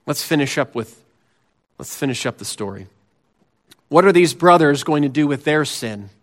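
A man preaching a sermon as pastor, earnest and emphatic, lifting his voice on key phrases and dropping it low and soft on others. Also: lively intonation, moderate pace.

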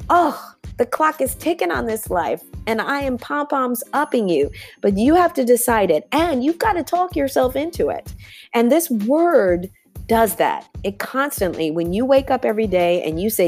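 A woman's voice: fairly high pitch, lively intonation, moderate pace, a little mellow, soft background music. A woman hosting a podcast, giving an emphatic motivational monologue and calling her listeners y'all. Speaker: podcast host.

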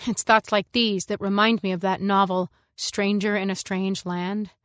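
A woman narrating a science fiction story in the first person, in a measured, reflective way. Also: medium pitch, level tone, fairly bright tone, no echo, studio quality. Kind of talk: scripted narration.

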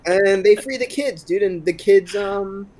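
A man's voice: high-pitched, a little slow, a little mellow. A man giving a rambling, sarcastic, profane movie recap on a podcast. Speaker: podcast co-host.

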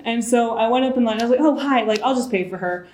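A woman's voice: a little high, quick pace, a little mellow, reverberant. A woman in her early twenties, a guest in a casual chat, talking freely and acting out the voices she quotes. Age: 20s. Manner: chatty, acts out quoted voices.

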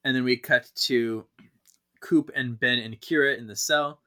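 Casting: giggly male podcast co-host, bright energetic tone, casual comic recap. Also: mid-range voice, measured pace. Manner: giggly, laughs often while narrating.

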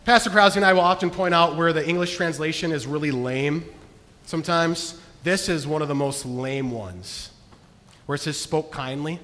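A man preaching a sermon as pastor, earnest, moving between hushed and emphatic delivery. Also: fairly high pitch, moderate pace. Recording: long reverb of a large hall.

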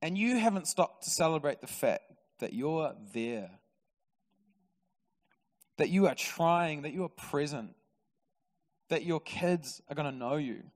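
A New man delivers a sermon from a church stage, telling stories with lively humour. His voice sits slightly high, and a long reverb trails behind it through the hall. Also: measured pace, long pauses. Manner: lively, storytelling preacher with humour. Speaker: pastor. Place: church auditorium.

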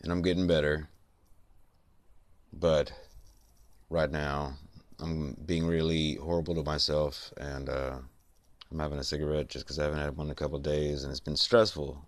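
Congested, very deep-voiced man. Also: level tone, normal speed, long pauses, dry recording. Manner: rambling, reflective, many fillers. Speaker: podcast host. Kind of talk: late-night solo monologue.

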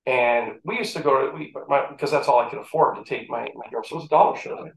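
A middle-aged man, a former football player telling animated stories from his playing days in a casual interview. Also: mid-range voice, fast talker, vocal fry. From St. Catharines, Ontario, Canada. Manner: animated storyteller who acts out the voices in his story. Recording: echoey room.

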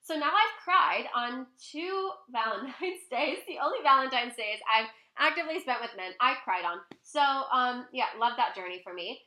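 A young woman vlogger telling a personal story in a casual, chatty way at home, full of fillers and animated quoting. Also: high voice, normal speed, few pauses, roomy sound. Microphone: laptop mic, close.

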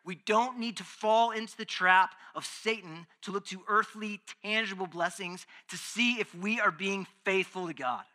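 A male pastor preaching a sermon with emphasis, swinging between hushed passages and loud, fervent ones. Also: high voice, moderate pace, few pauses.

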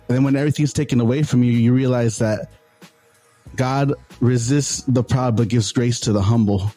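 A man with a dark, mellow voice talks through his faith in an earnest, unscripted way. He often stumbles and repeats words as he goes, and faint music plays behind him. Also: mid-range voice, steady tone, a little fast. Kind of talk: casual faith discussion.

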